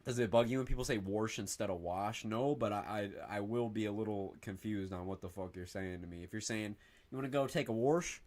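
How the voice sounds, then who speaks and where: Reading comments aloud to his livestream viewers, this young northern Indiana streamer rambles excitably, swearing plenty and saying "bro" nonstop. He talks a little fast in a lowish voice and barely pauses.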